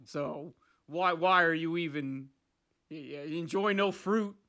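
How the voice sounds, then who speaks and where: Young guy podcast host, swears a lot, rambly, high-pitched and sharp. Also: slow pace. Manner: rambling, profane, animated. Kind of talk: casual chat.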